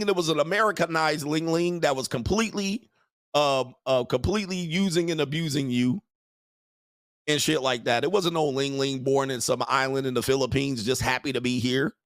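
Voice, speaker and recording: A man's voice: a little high, moderate pace, fairly bright tone, no room sound, clean studio sound. Crude, mocking man hosting a rant. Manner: crude, mocking, laughs often. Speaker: show host. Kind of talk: livestream rant.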